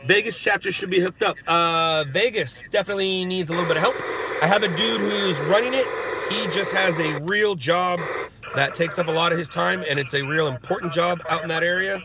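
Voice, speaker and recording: Amid very noisy phone audio, a middle-aged man from Southern California fields viewer questions on a laid-back stream. His high-pitched voice moves fairly quickly, and he's rambling, talkative, and quick to laugh.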